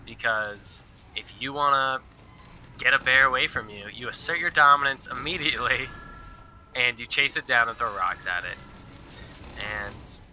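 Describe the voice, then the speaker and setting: A man's voice: medium pitch, normal speed, pauses often, background noise. A young man casually telling a rambling story, full of fillers and quoted dialogue. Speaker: storyteller guest.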